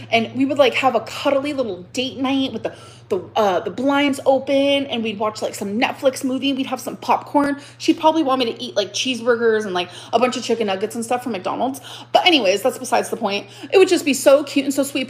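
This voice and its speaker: A woman with a fairly high voice pours out an emotional live stream rant. She keeps circling back over the same phrases, swearing as she goes, agitated and worked up. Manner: agitated, repeats herself, swears.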